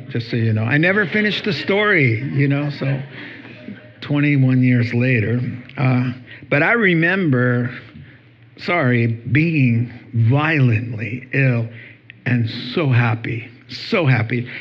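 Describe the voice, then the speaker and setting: Male pastor, husky, unhurried sermon delivery, muffled lo-fi sound. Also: mid-range voice. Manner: lively, humorous, conversational preaching. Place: church hall before a congregation.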